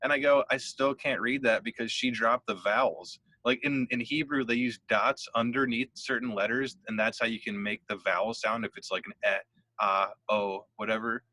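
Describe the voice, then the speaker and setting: A young man co-hosting a podcast, with a bright, forceful voice that sits in a mid register. He tells a rambling story full of swearing and laughter. The recording is close and dry. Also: mid-range voice, steady tone, moderate pace, no echo. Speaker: podcast co-host. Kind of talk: casual chat.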